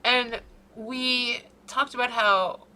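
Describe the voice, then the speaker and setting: A woman's voice: fairly high pitch, fairly even intonation, slow, pushed and bright. A woman co-hosting a podcast in casual chat, telling a story as a profane, worked-up rant. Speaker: podcast co-host.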